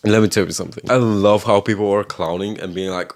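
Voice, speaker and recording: A man hosting his own video, giving blunt, sassy and opinionated commentary in a deep voice. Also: fairly even intonation, quick pace, a little hiss or hum. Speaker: video host. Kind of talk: casual commentary rant.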